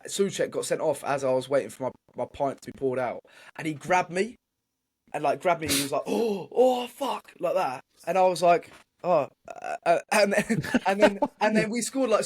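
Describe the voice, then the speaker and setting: A young man, co-hosting a casual football podcast, telling stories animatedly and swearing freely. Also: fairly high pitch. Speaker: podcast co-host.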